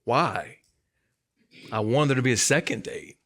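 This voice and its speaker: A man's voice: medium pitch, measured pace, fairly bright tone. Emphatic, conversational male preacher. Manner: conversational and emphatic, repeats key lines, light humor. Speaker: student ministry coordinator, preaching. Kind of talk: sermon.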